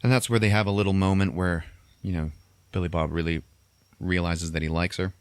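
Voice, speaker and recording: A man's voice: deep voice, steady tone, fairly quick, clean tone, dry recording. A man hosting a podcast, recapping a movie in a crude, profane, chatty way. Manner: profane, laughing storyteller. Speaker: podcast host.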